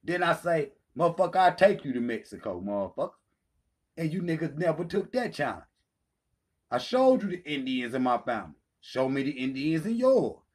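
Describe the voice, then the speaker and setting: A man's voice: a little high, big pitch swings, normal speed. A man hosting his own channel, delivering a heated, profane callout rant, taunting and swearing freely. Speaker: channel host. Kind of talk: profane ranting callout video.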